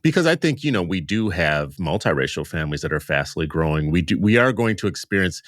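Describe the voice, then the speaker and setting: Male interview host, very low voice, rambling and self-deprecating, dry studio mic. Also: fairly bright tone, no room sound. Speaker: podcast host. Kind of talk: conversational interview.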